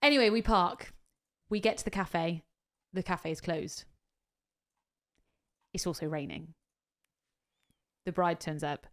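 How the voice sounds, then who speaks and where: A woman co-hosting a podcast in casual chat, telling a story with lively energy, swearing freely and acting out what people said. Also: on the low side, takes it slowly, long pauses. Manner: animated storyteller, swears freely, acts out quotes. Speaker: podcast co-host.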